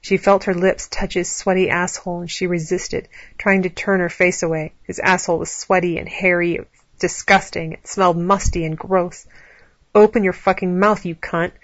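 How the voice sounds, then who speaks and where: A woman narrating an erotic story in a low, steady storytelling voice. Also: normal speed, no room sound, highs cut off.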